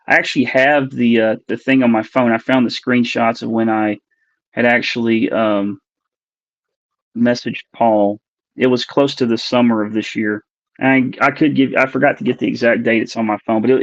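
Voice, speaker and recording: Earnest halting man in his forties. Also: medium pitch, dry recording. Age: 40s. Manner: earnest, halting, searching for words. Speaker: podcast guest. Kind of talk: recounting a personal experience. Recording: dull, lo-fi dry recording.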